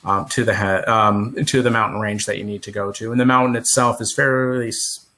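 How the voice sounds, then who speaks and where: A man narrating as game master, relaxed and explanatory, with frequent fillers. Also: lowish voice, brisk.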